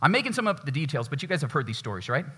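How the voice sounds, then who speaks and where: A man's voice: on the high side, sing-song, rapid-fire, fairly bright tone, slightly rough. A male pastor giving a conversational sermon in a church, acting out quoted voices as he preaches.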